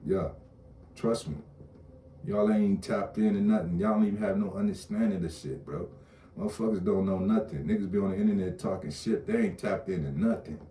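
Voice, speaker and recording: An online commentator rants casually and profanely, his fairly low, dark-toned voice going a little fast as he repeats himself bluntly. He is heard from a distance in an echoey room, with roomy echo, faint ambience and a little hiss or hum.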